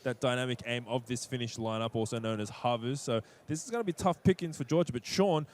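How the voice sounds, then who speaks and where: A man's voice: mid-range voice, quick pace, a little mellow. A man casting live esports, chatty and teasing, setting up context for viewers. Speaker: esports play-by-play caster. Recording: faint music behind.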